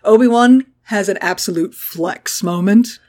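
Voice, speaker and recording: A woman's voice: medium pitch, unhurried, a little mellow. A woman in an easygoing podcast recap, her voice sitting in a middle register. She talks loosely, swears freely and keeps a dry, sarcastic edge as she walks through the plot. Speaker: podcast co-host. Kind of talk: casual episode recap chat.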